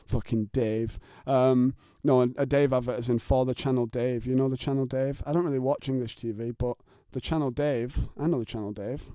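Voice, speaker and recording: A man hosts his podcast from his bedroom, rambling and joking in a crude, laid-back way. His voice sits at a middle pitch and is recorded close and dry. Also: fairly even intonation, a little fast, hardly any pauses, warm tone, no room sound. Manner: rambling, jokey, crude, laughs often. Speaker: podcast host. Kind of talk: casual chat. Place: bedroom at home.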